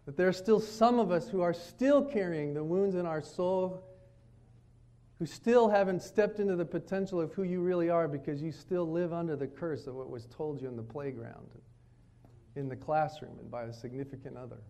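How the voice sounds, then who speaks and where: A man preaching at a retreat, telling stories and acting out his children's lines in a lively, varied way. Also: a little high, normal speed. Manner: storytelling preacher, animated, quotes his kids. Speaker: pastor. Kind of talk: sermon at a retreat. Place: retreat meeting room.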